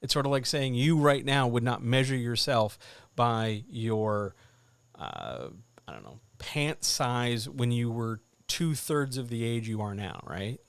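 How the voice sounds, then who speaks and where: A man hosting a live writers' Q&A stream, giving blunt, animated advice in a casual, jokey way. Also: mid-range voice, unhurried, creaky, clear, resonant tone, dry recording.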